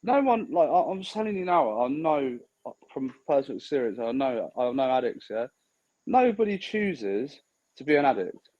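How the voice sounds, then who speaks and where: A man's voice: mid-range voice, sing-song, normal speed, dull audio. A man in casual podcast chat, blunt and swearing freely, telling stories and acting out what others said. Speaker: podcast co-host.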